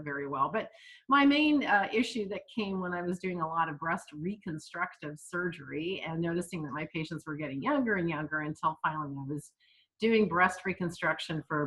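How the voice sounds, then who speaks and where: A woman, a physician guest on an interview podcast, who explains in an animated, emphatic way with many fillers. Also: deep voice, low-quality recording.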